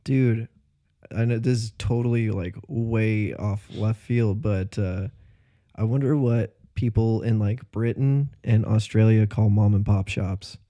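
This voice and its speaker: A young man co-hosting a podcast in relaxed chat, laughing often and drifting into jokes. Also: lowish voice, a little slow, no room sound. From United States. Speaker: podcast co-host. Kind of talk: casual chat.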